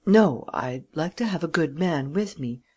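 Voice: medium pitch, animated, a little slow, a little mellow, husky. A reader voicing an agitated junior lawyer. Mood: brisk. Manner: urgent, emotional outbursts. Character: agitated middle-aged male junior lawyer. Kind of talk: audiobook character reading.

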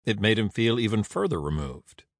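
A man's voice: lowish voice, normal speed, dry recording, clean studio sound. Dramatic male audiobook narrator. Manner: expressive, dramatic reading.

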